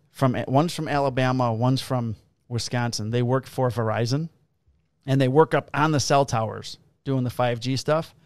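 Brief: male cop co-host, mid-pitched voice, swears freely, acts out the quotes, close dry mic. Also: smooth, dry recording. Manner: profane, animated storyteller who acts out quotes. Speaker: police officer and podcast co-host. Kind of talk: casual chat, storytelling.

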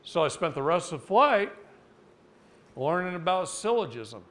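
A middle-aged man from Oregon giving a live seminar talk, telling stories in a folksy, animated way. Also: high-pitched, moderate pace. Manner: folksy, animated, mocking voices in anecdotes. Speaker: seminar speaker. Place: seminar room.

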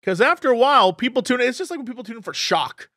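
A young man co-hosting a podcast, ranting in a casual, opinionated, animated way. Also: very high voice, racing, no echo, clean studio sound. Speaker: podcast co-host. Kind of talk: casual chat.

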